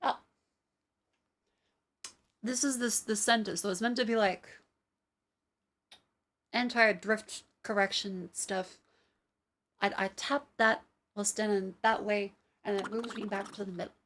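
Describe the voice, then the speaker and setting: A woman's voice: mid-range voice, fairly even intonation, a little slow, pauses often, a bit bright. A young adult woman streamer chatting casually and rambling, with many fillers and some swearing, while testing tracking gear. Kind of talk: casual live-stream chat.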